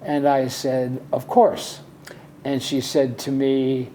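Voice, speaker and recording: An older man, a guest in a casual interview, telling relaxed stories about his life with an easy chuckle. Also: mid-range voice, slow.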